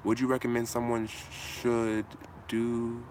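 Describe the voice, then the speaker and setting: A man's voice: lowish voice, moderate pace, a bit bright, slight background noise. A man hosting a casual live Q&A outdoors, talking in a laid-back, slangy way into a hand-held phone. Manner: laid-back slangy talk, answers viewer comments. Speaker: host.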